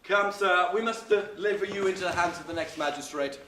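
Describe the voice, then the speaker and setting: Young male actor: commanding gentleman, sharp bright voice, echoey stage. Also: sits high, brisk. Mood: stern. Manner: commanding, formal. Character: stern young gentleman making an arrest. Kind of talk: stage acting in a school play. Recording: echoey stage with faint hiss.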